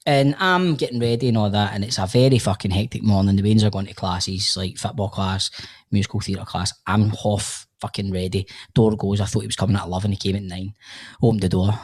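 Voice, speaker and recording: A man's voice: fairly low pitch, fairly even intonation, fairly quick, a little mellow. A man with a Glasgow accent, a podcast co-host telling a story in casual banter, laughing and swearing as he goes. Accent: Scottish (Glasgow).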